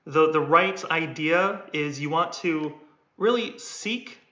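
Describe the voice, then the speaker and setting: A fairly high-pitched man speaks slowly in a bright, forceful tone while coaching on sales during a casual livestream. He wanders and repeats words, acting out tones of voice, as keyboard typing continues in the background. Expect an echoey room and dull lo-fi sound.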